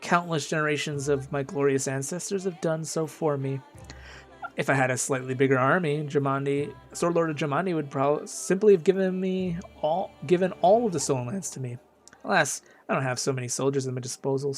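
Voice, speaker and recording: A man's voice: fairly high pitch, lightly acted. A man reading aloud the lines of an arrogant, dismissive male nobleman, stumbling now and then over the words.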